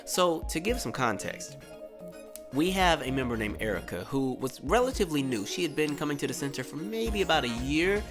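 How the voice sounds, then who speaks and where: A man's voice: on the high side, fairly quick, over music. A man in his twenties, a podcast host telling a story casually, acting out the people in it with a raised voice. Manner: animated, acts out quotes with raised voice.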